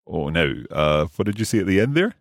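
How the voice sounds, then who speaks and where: Very deep-voiced man hosting a language lesson. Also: sing-song, no echo, clean studio sound. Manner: inquisitive, repeats phrases slowly, chuckles often. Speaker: podcast host and learner.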